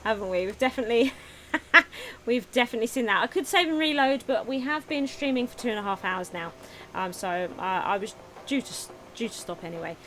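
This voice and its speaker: A woman's voice: on the high side, expressive, fairly quick, fairly bright tone. A woman giving casual, chatty commentary while streaming a management game, often giggling and talking to her viewers.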